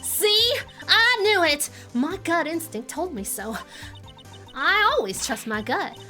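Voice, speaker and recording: A woman's voice: extremely high pitch, lively intonation, slow, pushed and bright, soft background music, pitched below the performer's own voice, full character voice. A woman voicing a pushy, boisterous female reporter with a put-on Southern US accent.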